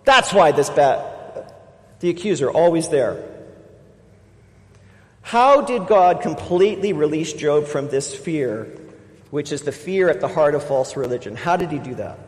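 A man preaching a sermon as pastor, with emphatic stresses that swing between loud, drawn-out words and quiet asides. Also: fairly high pitch, expressive. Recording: long reverb of a large hall.

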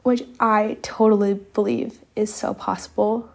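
A woman's voice: mid-range voice, flat delivery, measured pace, vocal fry, a little mellow. A young adult woman, hosting a solo podcast in a loose, candid, rambling way with lots of "like". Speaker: podcast host.

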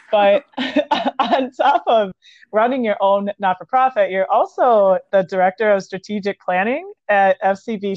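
A woman's voice: mid-range voice, a little mellow. A woman hosts a podcast interview in a supportive, encouraging way, laughing lightly between her thoughts. The recording is dull and lo-fi, with a dry sound that has no room echo. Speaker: podcast host. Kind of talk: casual interview chat.

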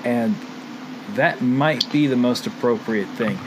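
A man's voice: medium pitch, takes it slowly, background noise. A man co-hosting a podcast in casual chat, ranting with exasperated complaints. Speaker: podcast co-host.

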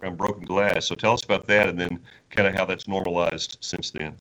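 Man, interviewer, low pitch, bright tone, eager playful questions. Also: fairly even intonation, fairly quick, rough recording. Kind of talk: conversational interview.

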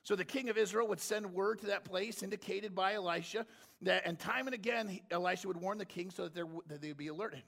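A man preaching a sermon in a conversational way, acting out characters from the story and building to loud, intense passages. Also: high-pitched, fast talker, gravelly. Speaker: pastor.

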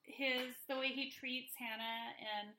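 A woman co-hosting a casual chat, teasing and joking about herself, with halting restarts. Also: high voice, flat delivery, bright, forceful tone. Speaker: podcast co-host. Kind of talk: casual chat recapping a TV show.

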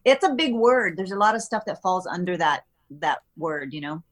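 A woman's voice: on the low side, lively intonation, moderate pace. A woman guest in a casual chat, telling stories and acting out her partner's lines.

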